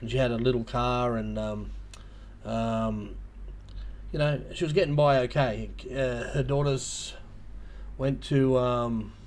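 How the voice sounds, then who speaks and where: A man with an Australian accent hosts a casual livestream, his mid-range voice steady, slow, and somewhat dark. He tells a rambling story packed with ums and restarts.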